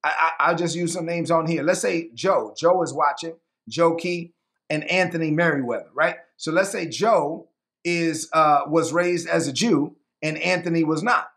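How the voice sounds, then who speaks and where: Gravelly, high-voiced male preacher. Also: moderate pace. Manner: animated, conversational, repeats himself. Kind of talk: teaching sermon to camera.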